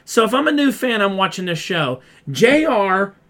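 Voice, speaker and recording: High, animated ranting man. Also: normal speed. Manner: animated, ranting and exasperated, mimics fans in quoted voices. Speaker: podcast co-host. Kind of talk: casual wrestling podcast chat.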